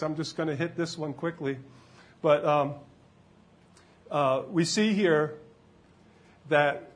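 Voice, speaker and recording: A pastor preaching a sermon in church, shifting from loud shouts of praise to relaxed, conversational teaching. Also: male voice, fairly high pitch.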